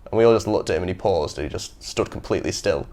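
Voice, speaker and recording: Young man, lower pitch, casual podcast chat, animated storyteller. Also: quick pace. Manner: animated storyteller who acts out quotes. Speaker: podcast host.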